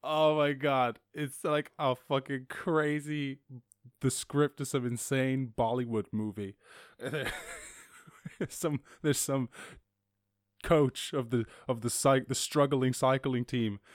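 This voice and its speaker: A man's voice: mid-range voice, steady tone, takes it slowly, dry recording, studio quality. A man hosting a podcast, reading news headlines and riffing on them in a rambling, joking way, swearing now and then. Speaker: podcast host. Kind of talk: casual news commentary.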